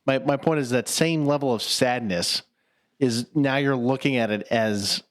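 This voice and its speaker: A man's voice: mid-range voice, moderate pace. A man co-hosting a podcast, chatting casually about a film and acting out reactions in a raised voice. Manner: animated, acts out reactions in a raised voice. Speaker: podcast co-host.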